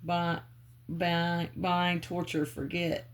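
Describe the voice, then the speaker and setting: A woman giving a channeled psychic reading, calling on spirit and muttering names and clues in halting bits. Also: fairly low pitch, flat delivery. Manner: halting, muttering free association. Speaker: psychic reader.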